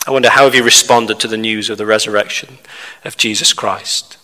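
A man preaching a sermon, measured and steady, putting questions to the listeners. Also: fairly low pitch. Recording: reverberant hall.

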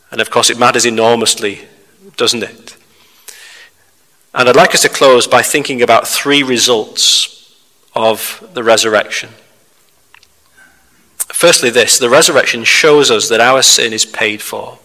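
A man preaching a sermon, measured and steady, putting questions to the listeners. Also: mid-range voice. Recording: reverberant hall.

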